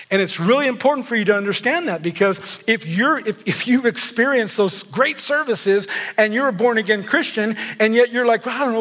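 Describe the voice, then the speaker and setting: A male pastor delivers a sermon with a notably high-pitched voice. He tells the story with animation, slipping into the voices of the people he quotes. His voice rings with the long reverb of a large hall. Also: fairly bright tone.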